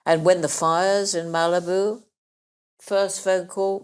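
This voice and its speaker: A woman's voice: lowish voice, sing-song, slow pace, a little mellow. An older woman guest, emotional and close to tears, telling life stories and acting out the voices of people she quotes. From England. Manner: anecdotal, acts out quoted voices. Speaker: interview guest. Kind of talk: emotional life-story chat.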